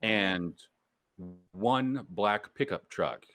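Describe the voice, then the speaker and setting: Male game master, low-pitched, unhurried, swings his tone a lot. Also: animated, a bit bright, faint music behind. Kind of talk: narrating a tabletop game.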